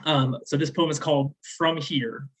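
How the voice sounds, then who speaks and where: A man raised in the American South, performing spoken word poetry at a slam with measured, deliberate delivery and casual, rambling asides between poems. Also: on the high side, fairly even intonation, breathy edge, low-quality recording. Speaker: slam poet.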